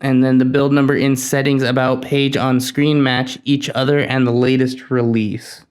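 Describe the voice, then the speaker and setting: A man hosting a casual hands-on build vlog, talking to himself while he works, nervous and excitable. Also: medium pitch, moderate pace, clear, resonant tone. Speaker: tech hobbyist host.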